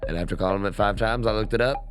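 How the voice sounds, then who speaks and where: A young man, co-hosting a comedy podcast with deadpan, crude one-liners. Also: on the low side, very fast, music in the background. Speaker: podcast co-host. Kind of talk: casual comedy banter.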